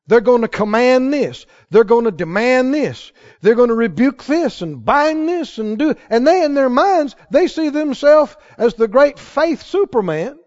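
A man's voice: extremely high pitch, sing-song, measured pace, hardly any pauses, darkish tone. A man preaching a sermon, emphatic and asking his listeners questions as he goes. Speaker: pastor. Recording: dull lo-fi sermon recording.

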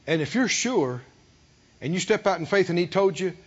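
A man preaching a sermon with energy. He throws questions to the congregation and acts out the quoted voices with big swings in loudness. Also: high voice, normal speed, slightly rough, muffled recording. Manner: animated preaching with call-and-response questions to the congregation. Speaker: pastor.

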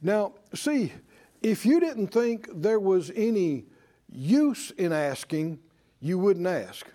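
In an energetic sermon, a man speaks slowly in a high voice, mimicking worried voices. He also urges the congregation to answer back.

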